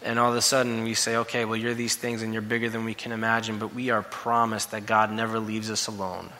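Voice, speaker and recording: A man preaching a sermon, telling stories and rising to loud, emphatic quotes. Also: lowish voice, completely flat delivery, fast talker. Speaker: pastor. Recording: long reverb of a hall.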